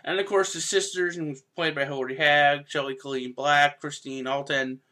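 A man's voice: a little high, steady tone, moderate pace, bright, forceful tone. A man giving a casual, rambling spoken review of a dub's voice cast, with frequent fillers and restarts. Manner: rambling, with fillers and self-corrections. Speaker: anime reviewer.

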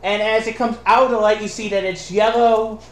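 Male GM, high voice, roomy recording, descriptive storyteller who is easily amused. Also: fairly even intonation, fairly quick. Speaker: game master. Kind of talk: narrating a tabletop game. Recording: roomy echo.

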